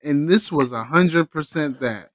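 A man co-hosting a casual sports podcast, animated and profane, teasing his co-host. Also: on the high side, unhurried, no room sound.

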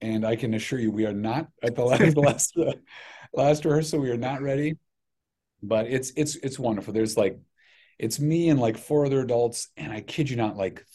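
A middle-aged man chats easily as a podcast guest, his voice sitting in an ordinary middle range. He tells his stories in an animated, self-deprecating way, often restarting his sentences. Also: medium pitch, moderate pace. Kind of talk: casual chat.

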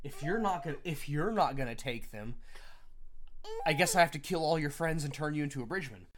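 A smug, scheming noble commander, cold under a light mocking tone, as a man puts him on while recapping a book. He talks quickly and sounds a little raised. The voice stays close to the reader's own. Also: a little high, animated, close to an everyday voice.

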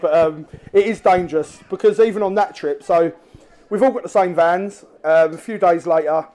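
This is a man with a high, light voice. He is a guest angler telling animated stories at a live talk, often laughing as he goes. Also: moderate pace. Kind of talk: live stage storytelling.

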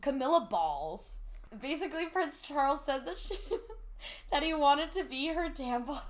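A woman's voice: high voice, very animated, takes it slowly, long pauses. A young woman hosting a podcast in casual chat, blunt and profane, laughing often and reading messages aloud in mocking tones. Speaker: podcast host.

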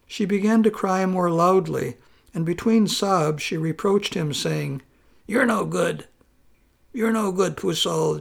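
A man narrating a folk story in a slow, measured way. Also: high-pitched, creaky.

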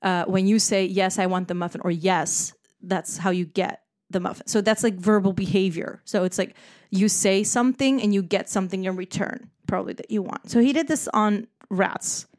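Animated, swearing young woman. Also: medium pitch, normal speed. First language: Dutch. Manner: animated, profane, rambling and laughing. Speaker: podcast host. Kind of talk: casual solo chat.

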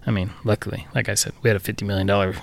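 A man's voice: fairly low pitch, flat delivery, racing, creaky. A man co-hosting a podcast, telling a workplace story in a loose, profane, chuckling way. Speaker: podcast co-host. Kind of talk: casual storytelling chat.

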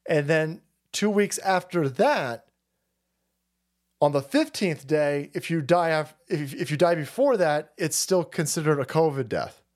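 A man's voice: a little high, animated, a little slow. Rowdy foul-mouthed male stream host. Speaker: livestream host reading viewer chats. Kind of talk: casual profane stream commentary.

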